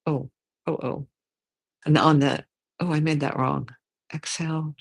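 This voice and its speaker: A yoga teacher guiding a slow movement and meditation class, in a gentle, unhurried way, thinking aloud and correcting themself as they go. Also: mid-range voice, fairly even intonation, vocal fry, breathy edge.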